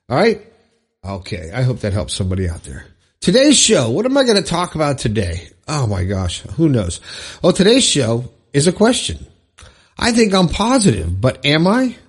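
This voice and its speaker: A man's voice: medium pitch, husky. A man hosting his own podcast alone, talking in an encouraging, chatty way with casual fillers and restarts. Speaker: podcast host. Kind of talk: upbeat solo podcast monologue.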